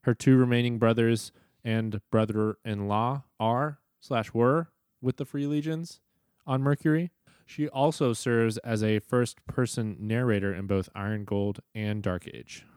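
A man hosting a casual podcast, upbeat and quick to laugh. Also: mid-range voice, steady tone, darkish tone, clean tone, dry recording, clean studio sound. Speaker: podcast host.

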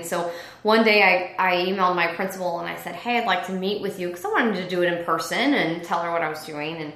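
A woman who used to teach, telling a personal story in a casual interview and acting out the voices of others. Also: fairly low pitch. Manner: animated, acts out quoted dialogue. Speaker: former teacher, business owner. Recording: echoey room.

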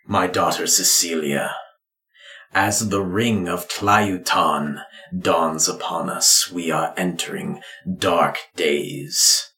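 A man voicing a grave, proud lizardfolk clan father who speaks in slow, weighty pronouncements. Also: deep voice, pushed and bright, pitched below the performer's own voice, heavily acted. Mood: solemn. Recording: roomy echo.

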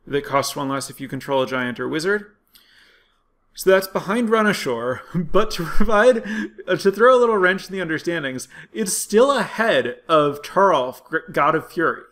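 A man's voice: a little high, sharp tone. A man giving casual, analytical commentary on card game statistics, thinking aloud with frequent fillers and restarts.

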